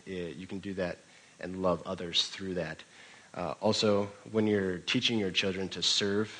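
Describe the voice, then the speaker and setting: A man's voice: low-pitched, sharp tone, low-quality recording. A man preaching a sermon as pastor, telling a story in a conversational way with occasional restarts.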